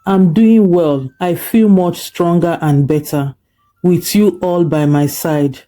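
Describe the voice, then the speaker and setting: A gentle father recovering from illness, as a storyteller puts him on, soft and reassuring. The voice is very dark and mellow and moves slowly. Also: mid-range voice, natural voice.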